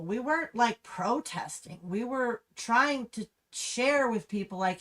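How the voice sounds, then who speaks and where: A woman's voice: fairly high pitch, expressive, a little slow, few pauses, a bit bright. A woman hosting her own livestream, ranting in an impassioned, restless way. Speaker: livestream host. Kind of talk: angry livestream commentary. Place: Humboldt County, California.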